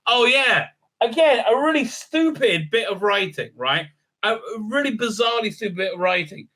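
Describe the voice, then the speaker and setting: A man's voice: sits high, animated, moderate pace, bright, forceful tone. A man giving a sarcastic, profane recap review full of fillers and restarts. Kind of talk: casual ranting recap.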